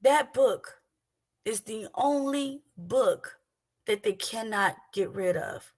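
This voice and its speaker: A woman's voice: on the high side, animated, slow pace, darkish tone. A woman hosting a faith livestream, preaching casually and emphatically, repeating phrases and asking rhetorical questions.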